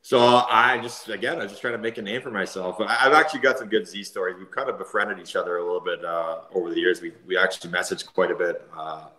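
Brief: low, quick-talking Canadian man, thirties, lively anecdotes, echoey room. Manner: animated anecdotes full of fillers and laughter. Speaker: guest, former hockey player. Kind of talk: casual storytelling.

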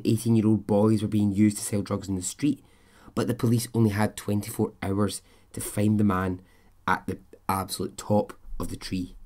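A man's voice: on the low side, darkish tone. A middle-aged man hosting a podcast, talking in a candid, chatty, self-questioning way. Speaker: podcast host. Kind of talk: casual podcast monologue.

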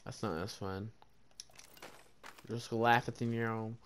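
A young man streaming a video game, chatting casually with a friend, joking and swearing and getting easily excited. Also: fairly low pitch, slow, a little hiss or hum. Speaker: gaming streamer. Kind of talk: casual gameplay chat.

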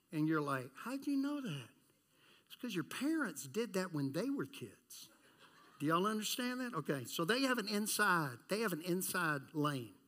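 Lively high-pitched preaching pastor. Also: male voice. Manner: animated preaching, acts out voices, asks the congregation questions. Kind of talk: sermon.

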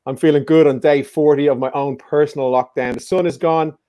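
A man's voice: on the high side, fairly even intonation, fairly quick, warm tone, no room sound. A man hosting a live-streamed music quiz in a casual, joking, teasing way. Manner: joking, teasing, playful banter. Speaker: quiz show host.

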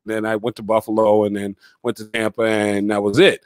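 A man's voice: fairly low pitch, flat delivery, a little fast, darkish tone, no echo. A man hosting a casual interview, recalling his own playing days and asking questions. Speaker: podcast host.

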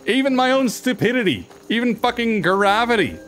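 A man commentating his own gameplay in a casual, profane and excitable way, reacting aloud to the game. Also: extremely high pitch, normal speed, faint music behind. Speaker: gaming video host. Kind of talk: casual let's play commentary.

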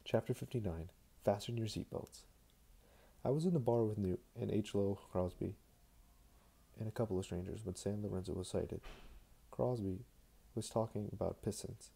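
A man's voice: fairly low pitch, normal speed, creaky, pauses often, mellow, breathy edge. A man doing a casual fan reading of a novel, tossing in joking asides and restarting words. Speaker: fan reader.

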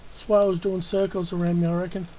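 An Australian woman hosts her own gaming channel, talking her way through play in a relaxed, chatty manner. She coos and coaxes at the animals she is taming. Her voice is warm and mellow, with a faint hum of noise underneath. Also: lowish voice, fairly quick, low-quality recording. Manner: chatty, coaxing and cooing at in-game animals. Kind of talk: casual gameplay commentary.

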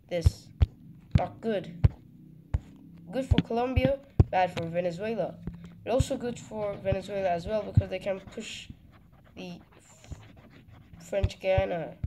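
A man from Turkey narrates a map animation in a relaxed, unhurried way. He rambles, jokes and corrects himself as he goes. Steady background noise and clicks run under the voice. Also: high voice. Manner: rambling, jokey, self-correcting. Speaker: mapping video narrator. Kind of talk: casual voice-over commentary on a map animation. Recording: noisy home recording with clicks.

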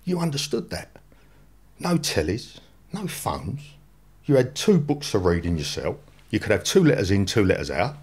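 London man, husky low voice, lively ups and downs, blunt slangy storytelling. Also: moderate pace. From England. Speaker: guest. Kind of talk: telling his life story.

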